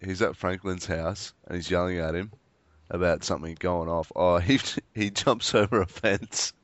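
A man's voice: low voice, fairly even intonation, moderate pace, dry recording. A man in casual chat, blunt and swearing, laughing at his own stories. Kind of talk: casual chat about a video game. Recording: dull dry lo-fi recording.

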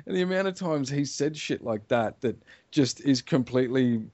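A man chatting casually as a podcast co-host, an animated storyteller who swears freely. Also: mid-range voice, normal speed. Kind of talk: casual chat about a video game. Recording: dull lo-fi recording.

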